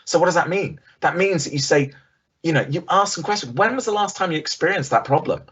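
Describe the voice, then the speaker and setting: A middle-aged man giving an online business presentation over a video call, conversational and lively, acting out the voices he quotes. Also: on the high side, quick pace, dull audio, slight background noise.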